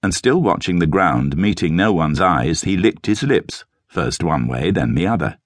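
A man narrating an audiobook story in a measured, expressive storytelling manner, recorded close on a studio mic. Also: sits low, no echo. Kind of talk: scripted narration.

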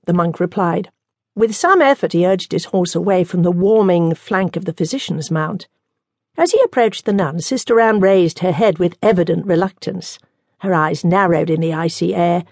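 A woman narrating an audiobook in a measured, even storytelling manner. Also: on the low side, creaky, no room sound, studio quality. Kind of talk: scripted narration.

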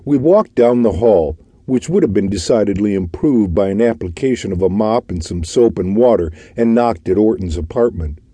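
A man reading a classic detective audiobook in a measured storytelling manner. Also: lowish voice, lively intonation, dark tone, breathy edge, no echo. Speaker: audiobook narrator. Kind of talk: scripted audiobook narration.

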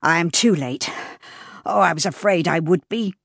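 A woman voicing a courteous, slightly flustered young gentleman in an audiobook. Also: lowish voice, moderate pace, dry recording, studio quality. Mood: polite. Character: polite awkward young gentleman. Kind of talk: audiobook character voice.

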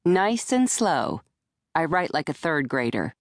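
A woman playing a wisecracking woman lawyer, bright and lively. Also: deep voice, dry recording, clean studio sound. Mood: breezy wisecracking. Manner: quick, joking, animated. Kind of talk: audiobook character voice. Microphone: close studio mic.

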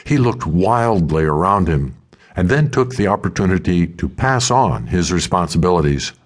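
Deep-voiced male audiobook narrator. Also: sing-song, moderate pace. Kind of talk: scripted first-person narration.

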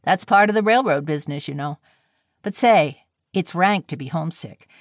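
A kindly young railroad engineer with a cheerful, slangy way of talking, read by a woman narrator. The voice sits fairly low and the sound is close and dry. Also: animated, normal speed, dry recording. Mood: breezy.

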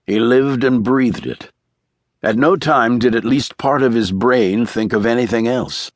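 A man narrating a thriller audiobook in a measured, even storytelling manner. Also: medium pitch, no echo, clean studio sound.

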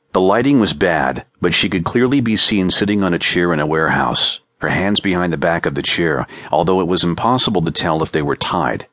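A male audiobook narrator reads in a measured, even way. His voice is deep and the recording is dry and close. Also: no room sound. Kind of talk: scripted narration.

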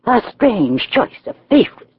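A woman's voice: a little high, very animated, measured pace, breathy edge, pitched above the performer's own voice, full character voice. A woman voicing a scornful young mistress of a bleak house who snaps out short, curt replies, over narrow phone-like audio. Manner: curt, snapping.

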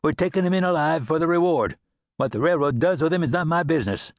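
A man's voice: a little high, expressive, fast, no echo, studio quality, pitched above the performer's own voice, close to an everyday voice. A man voicing a stern, cool-headed lawman turned bounty hunter in an audiobook western, speaking in an authoritarian, matter-of-fact way.

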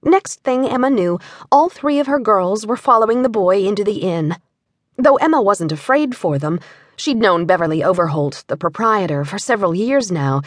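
A woman narrating an audiobook with animated storytelling on a close studio mic. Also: medium pitch, no echo. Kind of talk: scripted narration.

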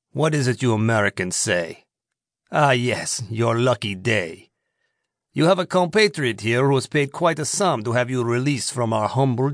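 A smug, greedy prison commandant, as an audiobook narrator puts him on. He draws out his words slowly in oily, falsely polite tones with threats beneath. The voice sits in an ordinary male pitch and is recorded dry and close. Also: fairly bright tone, no echo. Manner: slow, drawn-out, oily politeness with veiled threats.

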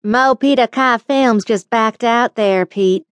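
A woman's voice: on the high side, slow, clean tone, no room sound, pitched above the performer's own voice. A woman voicing a laid-back male booking agent with a Texas drawl and a wry, teasing manner, in an audiobook reading.

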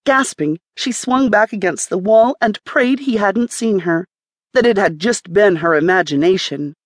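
A woman's voice: medium pitch, lively intonation, unhurried, no echo. Woman narrating a romance audiobook, dry close sound.

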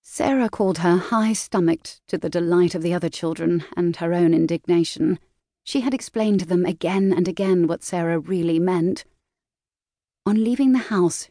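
A woman's low-leaning voice tells a classic novel aloud for an audiobook, paced and full of expression. The studio sound is clean, without any echo.

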